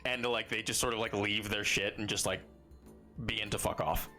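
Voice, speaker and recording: A man's voice: lowish voice, steady tone, normal speed, pushed and bright, soft background music. A man narrating a tabletop game as game master in a loose, filler-heavy way.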